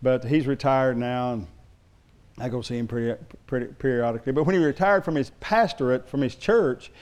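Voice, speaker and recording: A man's voice: mid-range voice, brisk, darkish tone. A middle-aged male pastor preaching a sermon, telling stories in a loose, rambling way with restarts.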